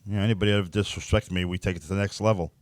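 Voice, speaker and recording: A man's voice: low-pitched, little pitch movement, rapid-fire, dry recording, clean studio sound. An older man with a New York accent, bluntly telling stories as an interview guest and often repeating words. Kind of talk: casual storytelling.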